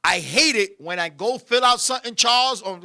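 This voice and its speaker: A man with a very high, piercing, bright voice hosts a comedy talk show. He rants in an animated, profane way and breaks into laughter at his own jokes. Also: moderate pace, gravelly. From Puerto Rican family. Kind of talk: comedic rant with banter.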